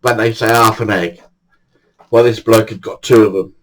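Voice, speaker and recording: A man's voice: on the low side, fairly even intonation, normal speed, rough recording. An older man telling true stories in a chatty way, often breaking into laughter. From England. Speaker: storyteller. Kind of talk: casual anecdote telling.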